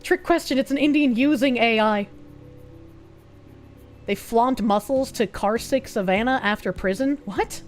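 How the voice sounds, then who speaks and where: A young woman with a Boston accent, chatting casually on a live stream, profane and excitable with bursts of yelling. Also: on the high side, unhurried, soft background music. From Boston, USA. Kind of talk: casual live-stream chat reading comments.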